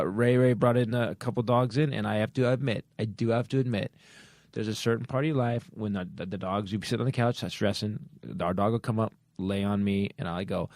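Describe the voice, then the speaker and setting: A man's voice: mid-range voice, a little mellow, no echo, studio quality. A middle-aged man hosting a comedy podcast, teasing and laughing through casual banter. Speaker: podcast host.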